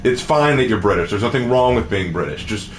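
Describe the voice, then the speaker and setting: A man's voice: on the low side, lively intonation, fairly quick. A man streaming a game, chatting casually and playfully while reading chat aloud. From United States. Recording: roomy echo with faint noise.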